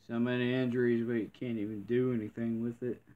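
A man's voice: mid-range voice, little pitch movement, fairly quick, phone-quality sound. A man giving live gameplay commentary, grumbling and complaining in frustration with mild cursing throughout.

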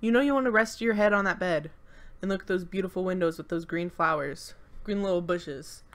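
Speaking a little fast, this young woman has a fairly low, fairly bright voice. Into a home desk microphone she voices casual commentary for the game channel she co-hosts, full of filler and playful boasting, a touch congested and breathless.

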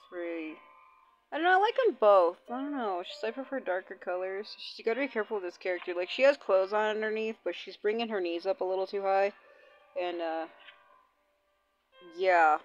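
Expressive and a little fast, with a medium-pitched voice, this young gaming channel host swears plenty while chatting casually about what she's playing. Faint game music sits under dull, lo-fi audio.

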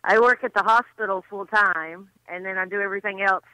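A woman's voice: medium pitch, fairly even intonation, brisk, pushed and bright, clean tone, no echo, rough recording. A woman from Georgia, a band booking agent, chatting as a guest over the phone on a radio show and laughing often. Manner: friendly and giggly, laughs often. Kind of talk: casual phone interview.

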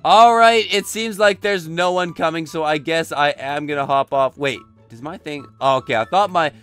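A hoarse young man with his voice nearly gone, excitedly narrating his gameplay and yelling at each mishap. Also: on the high side, moderate pace, soft background music. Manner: excitable, narrates each move, frequent yells. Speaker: gaming commentator. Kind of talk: gameplay commentary.

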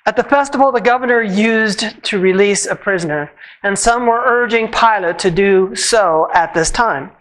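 A church reader giving a measured, solemn reading of scripture at a worship service, slowing at the ends of phrases. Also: medium pitch, a bit bright, low-quality recording.

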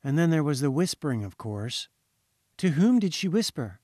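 A man reading a haunting short story aloud in a measured, ominous storytelling manner. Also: on the high side, big pitch swings, warm tone, no echo, clean studio sound. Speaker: audiobook reader. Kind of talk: scripted narration.

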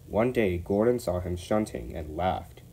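A man with a low, mellow voice reads a railway storybook aloud. He keeps a steady, measured pace and a soft, warm tone. The narration is calm and even. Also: slight background noise.

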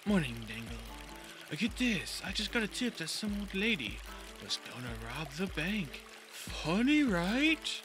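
A man voicing a lazy, unbothered male senior sheriff in a video game, speaking flat, calm and low-key. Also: unhurried, music in the background. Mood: deadpan.

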